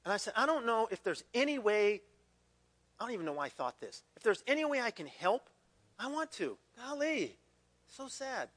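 A male pastor preaching a sermon in a conversational, animated way, with frequent restarts and repeated words. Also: extremely high pitch, normal speed.

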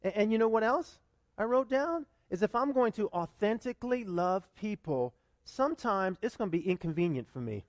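Male pastor, very high and animated voice, chatty sermon full of questions, dry close sound. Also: moderate pace, dry recording. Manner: conversational and animated, with many repeated starts and rhetorical questions.

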